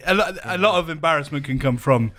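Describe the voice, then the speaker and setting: Bright, animated man quipping. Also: a little high, fast talker. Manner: wry quips. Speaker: podcast co-host. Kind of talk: casual chat.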